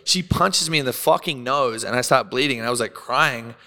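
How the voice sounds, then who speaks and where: A man's voice: medium pitch, brisk, in a large hall. An Australian man, a podcast guest, telling stories in a loose, profane way, laughing often and acting out what people said. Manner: animated, profane, laughs often, acts out quotes. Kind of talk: casual storytelling.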